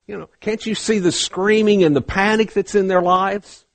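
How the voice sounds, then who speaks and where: A man preaching a sermon, swinging from hushed, slow passages to loud, fervent ones. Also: high voice, fairly even intonation, dry recording.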